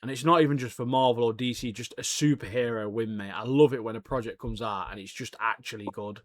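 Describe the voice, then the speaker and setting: A man's voice: medium pitch, fast. A young man, co-hosting a podcast in casual chat, laddish and calling everyone mate. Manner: laddish, swears, says "mate" a lot. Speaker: podcast co-host.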